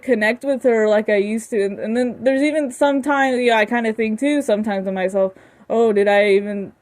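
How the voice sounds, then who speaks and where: A young woman vlogging from her room in a casual, rambling way, full of restarts and frequent giggles. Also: fairly high pitch.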